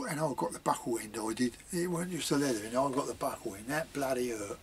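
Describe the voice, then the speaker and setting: Older man, storyteller; chatty, digressive delivery in local dialect, mid-pitched voice. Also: a little hiss or hum. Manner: chatty, many fillers and asides, dialect grammar. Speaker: vlogger telling childhood memories. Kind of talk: rambling spoken reminiscence.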